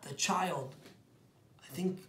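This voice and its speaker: A man, a rabbi, telling a story as a sermon, dropping to hushed whispers and rising to loud, emphatic bursts. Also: high-pitched, slow pace, echoey room, a little hiss or hum.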